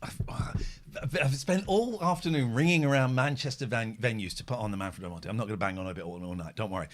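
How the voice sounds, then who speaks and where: A man's voice: on the low side, a little fast. A man hosting a live phone-in stream, rambling and joking as he reads out chat messages. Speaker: host.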